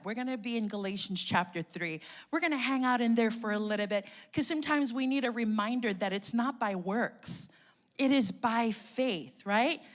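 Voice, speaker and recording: Energetic woman preaching. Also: a little high. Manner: energetic, call-and-response preaching. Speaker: pastor. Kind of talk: sermon.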